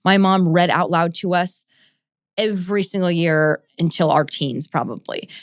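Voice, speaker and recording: A woman's voice: fairly low pitch, normal speed, dry recording. Gushing, rambling woman, dry close mic. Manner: emotional, rambling, says "like" and "oh my gosh" often. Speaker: podcast host and ministry leader. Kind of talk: casual Q&A podcast chat.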